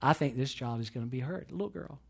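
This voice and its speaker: A pastor preaching a sermon, telling a story and swinging between loud emphasis and near whispers, often repeating phrases. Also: male voice, mid-range voice, lively intonation, fast talker, creaky, breathy edge.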